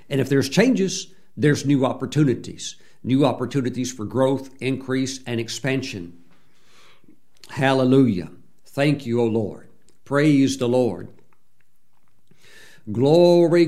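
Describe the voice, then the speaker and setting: A man's voice: mid-range voice, darkish tone. A man preaching a sermon, mixing conversational asides with earnest exhortation and frequent cries of praise.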